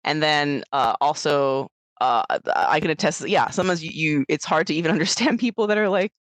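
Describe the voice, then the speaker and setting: An American woman chatting casually on a podcast, rambling and animated as she tells stories, with lots of fillers. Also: low-pitched, a little fast, no echo. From United States. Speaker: podcast co-host. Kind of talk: casual chat.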